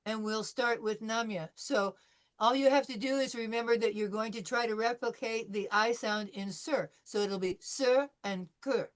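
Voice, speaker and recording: Female language teacher, voice a touch high. Patient and encouraging, models sounds slowly, repeats drills, calls on students. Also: fairly even intonation. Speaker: French teacher. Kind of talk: pronunciation drill in a live class.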